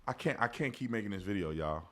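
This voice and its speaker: Speaking at a quick, animated clip, this male host of an online commentary video rants with heat, his volume swinging from shouting down to a low mutter.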